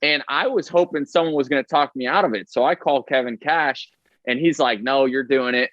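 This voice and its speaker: Chatty young ballplayer, dull dry sound. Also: male voice, on the high side, fairly bright tone, dry recording. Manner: fast, chatty, lots of fillers and "right?". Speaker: baseball player guest. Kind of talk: casual podcast storytelling.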